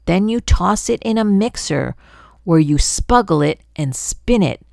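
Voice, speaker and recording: A woman's voice: mid-range voice, lively intonation, a little slow, creaky, a little mellow, dry recording, clean studio sound. An older woman voicing a chatty, pushy male glunk creature in a storybook read-aloud, sweet-talking and jabbering on.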